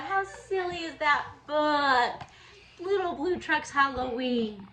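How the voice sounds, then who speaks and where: High, unhurried woman teaching preschoolers. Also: bright, forceful tone, slight background noise. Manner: cheerful, sing-song storytelling for little kids. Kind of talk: teaching and reading a picture book to young children.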